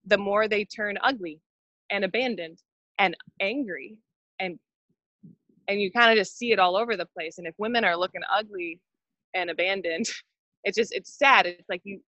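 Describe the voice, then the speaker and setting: Bright-voiced opinionated woman. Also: on the low side, no room sound, rough recording. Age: adult, married. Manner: opinionated, rambling, animated. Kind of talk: casual conversation.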